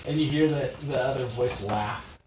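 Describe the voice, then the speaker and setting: A game master narrating a tabletop game in an unhurried way with frequent "um"s, heard in a noisy live stream. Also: mid-range voice, reverberant, recorded from a distance.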